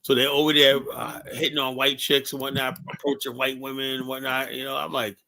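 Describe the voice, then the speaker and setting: A man's voice: medium pitch, little pitch movement, brisk, vocal fry, pushed and bright, slight background noise, low-quality recording. A man hosting a livestream talk show, blunt and emphatic, often profane, telling anecdotes with quoted dialogue. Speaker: livestream host. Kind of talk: casual opinionated talk show. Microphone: online stream mic.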